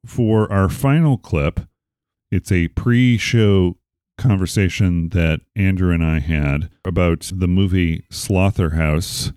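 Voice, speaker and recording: A man's voice: low voice, takes it slowly, a little mellow, smooth, dry recording, clean studio sound. A man hosting a podcast, chatting casually with a rambling, playful, self-correcting way of talking. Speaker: podcast host. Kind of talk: casual chat.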